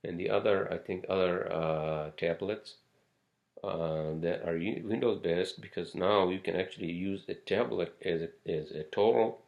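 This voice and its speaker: A man's voice: deep voice, normal speed, vocal fry, muffled recording. A man hosting a casual solo podcast, rambling from topic to topic with frequent swearing and fillers. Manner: rambling, profane, many fillers and asides. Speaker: podcast host.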